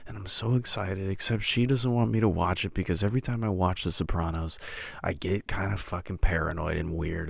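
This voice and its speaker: A man's voice: deep voice, vocal fry, breathy edge, no room sound. A man hosting a podcast, rambling, profane and self-mocking. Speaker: podcast host.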